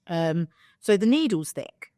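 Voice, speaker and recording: A woman's voice: on the low side, measured pace, no echo, clean studio sound. A young woman co-hosting a podcast, telling a story in casual chat, acting out quotes and swearing freely. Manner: animated, swears, acts out quotes. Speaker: podcast co-host.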